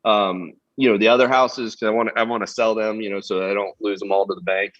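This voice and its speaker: A man in his thirties, from Florida, chatting casually as a guest pro angler, halting with many restarts. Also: fairly low pitch, fairly even intonation, a bit bright, lo-fi sound. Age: 30s. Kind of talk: casual podcast chat.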